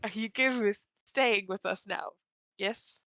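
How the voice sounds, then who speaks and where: A player voicing an earnest, wordy adventurer who speaks in halting, hesitant phrases. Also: mid-range voice, bright, forceful tone, no echo. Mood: concerned.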